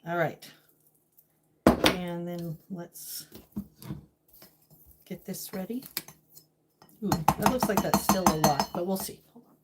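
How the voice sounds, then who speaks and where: A woman's voice: fairly low pitch, takes it slowly, long pauses, very noisy. A woman live-streaming from her home kitchen, greeting viewers by name and talking through her feelings in casual chat. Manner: talks to chat viewers by name, emotional and venting.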